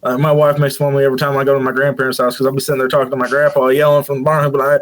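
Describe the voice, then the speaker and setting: A man's voice: little pitch movement, very fast. A man from the Midwest chatting casually as a podcast guest, laid-back and a little rambling. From American Midwest. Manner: laid-back, drops into a deep announcer voice at times. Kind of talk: casual chat.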